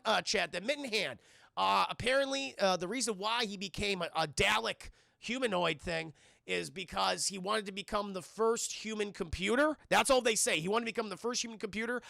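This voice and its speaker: A man's voice: sits high, gravelly, pushed and bright, no room sound, studio quality. A man reviewing a film on a live stream, talking casually and profanely, rambling and often addressing his chat.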